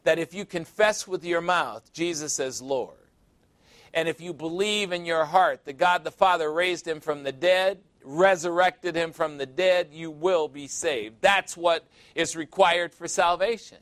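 A man's voice: on the high side, unhurried, a bit bright, dry recording. Man preaching verse by verse, dry close sound. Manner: conversational and teasing, asks the listeners questions. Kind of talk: sermon, verse-by-verse Bible teaching.

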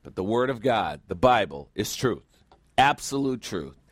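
A man's voice: lowish voice, very animated, unhurried, dry recording. A man preaching a sermon as pastor, blunt and sarcastic, with mocking asides to his congregation.

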